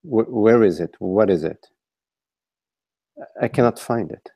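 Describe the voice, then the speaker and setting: A man's voice: fairly low pitch, measured pace, mellow, slightly rough, no echo, lo-fi sound. A man leading a contemplative dialogue over an online call, searching for words and often repeating and restarting his phrases. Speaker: spiritual teacher.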